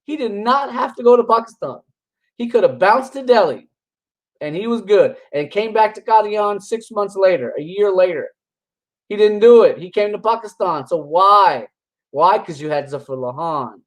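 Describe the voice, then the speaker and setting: A man's voice: sits high, moderate pace, rough recording. Guy scoffing and rambling through a reaction rant, mocking tone, restarts a lot. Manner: combative and mocking, scoffing laughs. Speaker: religious commentator reacting to videos. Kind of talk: casual reaction commentary.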